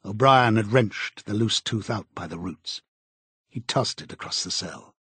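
A man narrating an audiobook in a grave, even storytelling manner. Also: fairly low pitch, unhurried, husky, no room sound.

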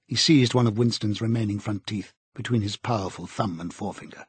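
A man narrating an audiobook in a grave, even storytelling manner. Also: lowish voice, brisk, slightly rough, no echo.

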